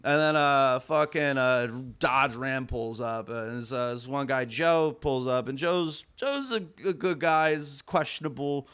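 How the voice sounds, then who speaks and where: A man's voice: mid-range voice, unhurried, few pauses, fairly bright tone, smooth. A man as a podcast guest, telling a long story casually with lots of swearing and fillers. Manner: rambling, profane, heavy on "I'm like" and fillers.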